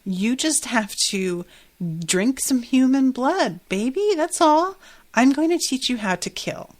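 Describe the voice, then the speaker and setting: Woman putting on a high bossy vampire woman, blunt, doting, condescending. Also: lively intonation, slow. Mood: scolding. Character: bossy old-world female vampire mentor.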